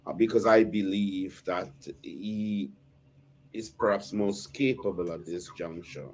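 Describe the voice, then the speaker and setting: A man's voice: low voice, a little slow, a little mellow, a little hiss or hum. A male talk show host wrapping up a live interview, speaking formally with long, emphatic, winding sentences.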